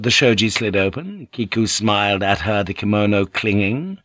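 A man reading a historical novel aloud as an audiobook narrator, in a measured, wry manner. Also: lowish voice, expressive, a bit bright, no echo. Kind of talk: scripted narration.

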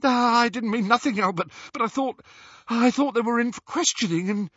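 Man doing a jumpy balding wizard, stammery, high and husky, dull dry audiobook. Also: sing-song, slow, bright, forceful tone, no echo, full character voice. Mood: flustered. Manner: flustered, stammering. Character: nervous balding male wizard official.

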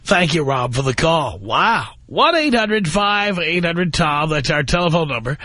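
Bright, high-voiced male radio host. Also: big pitch swings, measured pace, no room sound. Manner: wry, exasperated quips. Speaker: radio talk show host. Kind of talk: call-in radio talk. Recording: radio broadcast.

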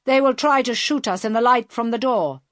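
A man's voice: very high-pitched, normal speed, a bit bright, no echo, clean studio sound, pitched above the performer's own voice. A woman voicing a tense bearded male hijacker who barks urgent orders in a storybook reading.

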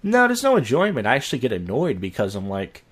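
A man's voice: mid-range voice, wildly swooping pitch, fast talker, husky. A young man chatting casually as a podcast guest, rambling with restarts and acting out quoted dialogue. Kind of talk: casual chat.

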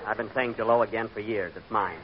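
A man's voice: on the low side, fairly even intonation, fast, slight background noise. Self-mocking man in an old radio comedy. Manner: dry, self-mocking asides. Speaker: comedian host. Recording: dull old radio broadcast with live audience.

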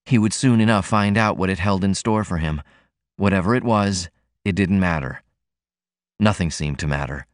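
A man reading a novel aloud as an audiobook narrator, in a measured, even manner. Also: deep voice, no echo, studio quality. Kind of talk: scripted narration.

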